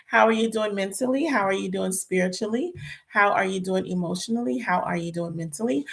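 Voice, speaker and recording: A young woman hosts a casual livestream chat, sounding tired, chatty and prayerful, and calls her viewers "y'all." She speaks a little fast in a medium-pitched, gravelly voice.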